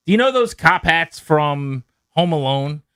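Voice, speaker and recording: Bright-voiced man telling a story on radio. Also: on the high side, measured pace, clean tone, dry recording, studio quality. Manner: animated storyteller, acts out quotes. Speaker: radio show host. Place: radio studio. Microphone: studio mic.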